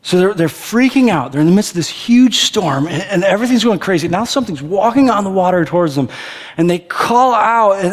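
A man preaching a conversational sermon, animated and playful, acting out the people in the story. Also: high voice, fairly quick. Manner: animated, conversational, acts out characters' lines. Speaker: pastor. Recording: long reverb of a big hall.

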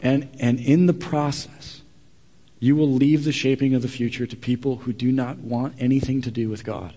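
A man preaching a sermon, telling a scripture story with lively acted-out dialogue and quieter earnest asides. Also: medium pitch, normal speed. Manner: animated storytelling, acts out dialogue loudly then drops to quiet earnest asides. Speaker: pastor. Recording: long reverb of a large hall.

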